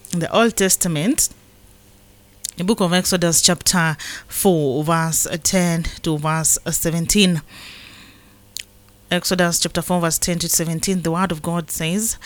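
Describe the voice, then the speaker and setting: A woman hosting a radio devotion hour, reading scripture and preaching earnestly to listeners. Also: on the low side. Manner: earnest, preacherly, with rhetorical "yeah?" check-ins.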